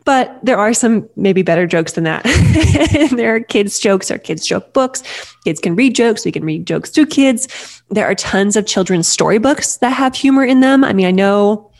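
A woman's voice: mid-range voice, animated, moderate pace, a little mellow. A woman in her thirties talking casually and lightheartedly, giving parenting advice with many fillers and restarts.

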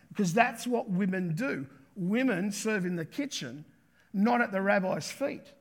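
Preaching with emphasis, this pastor has a male voice that sits high and sounds creaky. He keeps repeating key words and dramatizes the quotes he delivers.

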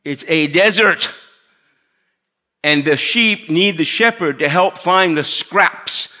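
A middle-aged man preaching a sermon in a conversational way, dropping to a hush to stress his points. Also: fairly high pitch, takes it slowly. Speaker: pastor.

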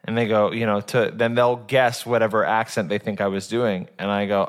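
A man's voice: on the low side, little pitch movement, moderate pace, few pauses. A man co-hosting a podcast, explaining things in a dry, matter-of-fact way. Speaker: podcast co-host. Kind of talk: casual chat.

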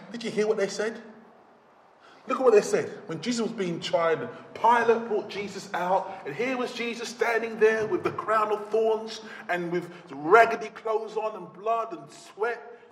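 A man preaching a sermon in a church, dramatic, swinging between shouts and hushed low phrases. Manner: dramatic, rising to shouts and dropping to near whispers. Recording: echoey church hall.

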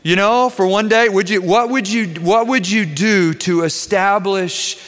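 A man's voice: high voice, measured pace, fairly bright tone. A pastor preaching a sermon in a conversational storytelling way, putting direct questions to his congregation. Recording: long hall reverb.

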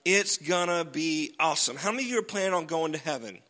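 A man's voice: on the high side, lively intonation, fast, bright, forceful tone, long reverb tail. A man preaching a sermon as pastor, chatty and jokey, often restarting his sentences.

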